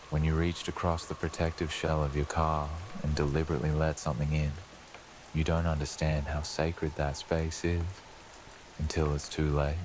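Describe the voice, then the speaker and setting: A male narrator with an extremely deep voice tells a bedtime horror story in a slow, ominous drawl. His delivery stays flat and even, and soft rain patters faintly behind him. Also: a little hiss or hum. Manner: slow, ominous second-person telling as a lurking presence. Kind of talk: scripted horror narration for sleep.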